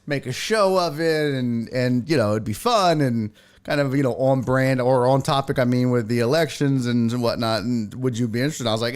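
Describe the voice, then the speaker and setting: Man, sports talk host, casual, animated, profane, tangent-hopping, medium pitch. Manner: animated, profane, jumps between tangents with quick asides. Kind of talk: casual chat.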